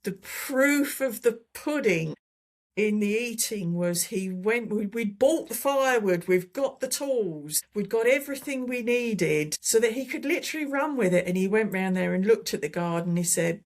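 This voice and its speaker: A woman's voice: medium pitch, lively intonation, normal speed. A woman, a holistic therapist, talking enthusiastically as an interview guest, often repeating words as she gathers her thoughts. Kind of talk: casual testimonial chat.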